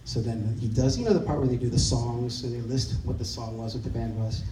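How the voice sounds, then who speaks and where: A man's voice: mid-range voice, fairly even intonation, a little fast, mellow, a little hiss or hum. A man telling a wry, self-mocking comic story on stage at a live show. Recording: distant roomy live stage recording.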